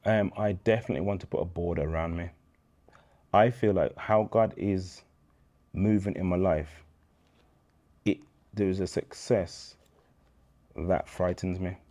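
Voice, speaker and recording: A man in his thirties with a Birmingham accent, a guest telling lively, slang-filled stories in a casual interview. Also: deep voice, unhurried, pauses often. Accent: Birmingham English. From England. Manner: animated storyteller, slang-heavy, acts out quoted dialogue.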